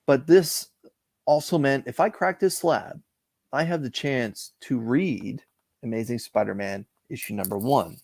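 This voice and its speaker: Man, middle-aged, from Canada, gravelly voice, dry close sound, reflective storytelling. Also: medium pitch, a little mellow, dry recording. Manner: measured, reflective storytelling with frequent "uh" pauses. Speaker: interview guest, comic collector. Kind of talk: casual storytelling interview.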